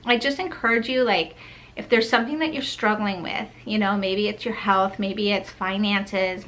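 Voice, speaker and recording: A woman's voice: medium pitch, pushed and bright. A woman in her thirties telling personal faith stories to her viewers in an earnest, heartfelt, chatty way, with a lot of "like"s. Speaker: faith vlogger. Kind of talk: personal storytelling to camera.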